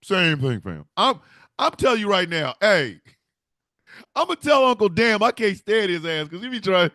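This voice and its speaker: Animated man ranting on a stream. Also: sits high, moderate pace, no room sound, studio quality. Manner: animated, emphatic, swears and laughs often. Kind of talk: casual livestream chat.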